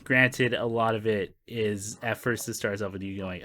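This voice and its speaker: Man, podcast co-host, bright voice, animated laughing storyteller, casual swearing. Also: lowish voice, moderate pace. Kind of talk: casual movie-review chat.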